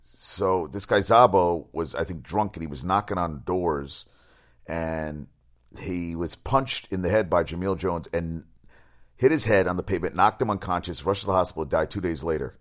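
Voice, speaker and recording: A man's voice: low voice, normal speed. A middle-aged man hosting casual sports talk, rambling and swearing as he tells stories and reacts to the news. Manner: rambling, profane, animated storytelling. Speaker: sports talk show host.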